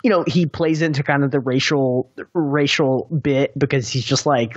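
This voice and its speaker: A man's voice: medium pitch, steady tone, moderate pace, hardly any pauses, dry recording, muffled recording. A man on a film podcast, talking enthusiastically and swearing freely. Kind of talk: casual film discussion.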